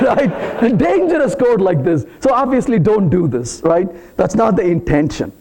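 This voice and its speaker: Lively, animated man giving a tech talk. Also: high-pitched, normal speed, few pauses. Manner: animated, playful, teasing the audience. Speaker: conference speaker. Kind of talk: live technical talk to an audience. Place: conference hall.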